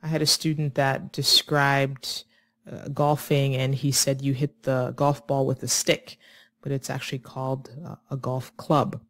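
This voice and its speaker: An English teacher explains speaking problems to learners in a clear, measured way. The voice sits at a middle pitch and is recorded close and dry, with no room sound. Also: little pitch movement, fairly bright tone, no room sound. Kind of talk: scripted lesson to camera.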